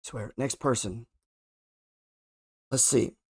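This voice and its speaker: A man's voice: mid-range voice, steady tone, slow pace, a little mellow, slightly rough. A man hosting a casual trading show, thinking aloud over charts with heavy sarcasm and constant swearing. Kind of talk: casual market commentary while scrolling charts.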